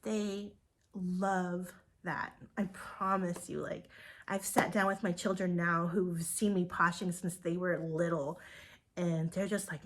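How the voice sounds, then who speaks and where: An earnest woman in her forties gives a motivational talk to her direct sales team. She sounds emotional and gushing, and she drops to breathy whispers for emphasis. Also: on the low side, steady tone, a little slow, slight background noise.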